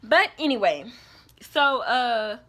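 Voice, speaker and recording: A young woman telling a casual storytime vlog, animated and acting out the people in her story. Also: fairly high pitch, slow pace. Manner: animated storytelling, quoting others in put-on voices. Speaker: vlogger.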